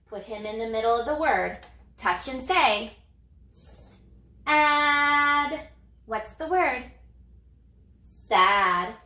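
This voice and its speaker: A woman teaching young children a phonics lesson in a slow, sing-song teacher voice with lively prompts. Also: a little high, reverberant. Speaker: elementary reading teacher.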